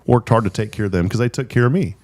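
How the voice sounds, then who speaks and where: A middle-aged man hosting a talk show, telling rambling stories in a casual, animated way. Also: medium pitch, fast talker. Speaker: host. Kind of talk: casual storytelling.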